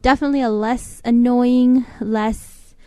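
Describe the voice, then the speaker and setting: A woman's voice: fairly high pitch, steady tone, measured pace, a little mellow, clean tone, no echo, studio quality. A woman co-hosting a casual call-in talk show, rambling with frequent restarts and hesitations. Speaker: co-host. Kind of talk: casual chat.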